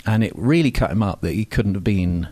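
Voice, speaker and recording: With a polished received pronunciation accent, an older man from Scotland rambles through a personal story at a stage microphone, wry and self-mocking, full of ums and asides. His low, dark-toned voice is expressive and a little fast, captured in a close, dry recording.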